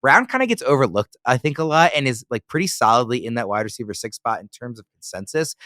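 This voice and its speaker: A man's voice: medium pitch, sing-song, fast talker, pushed and bright, no room sound, studio quality. A man hosting a casual sports analysis chat, moderating and putting questions to his guests. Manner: moderating, leading the talk with questions. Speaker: podcast host.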